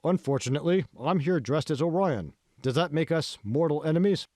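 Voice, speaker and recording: A man's voice: fairly high pitch, expressive, fairly quick, dark tone, dry recording, studio quality, voice pushed up, lightly acted. A man voicing a friendly, tomboyish young woman with a chatty, upbeat manner.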